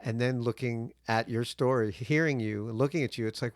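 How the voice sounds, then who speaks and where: A man hosting a podcast speaks in an earnest, affirming way, building up his guest with steady encouragement. His voice sits at an ordinary middle pitch, and the recording is dry and close. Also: normal speed, no room sound. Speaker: podcast host. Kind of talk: casual chat.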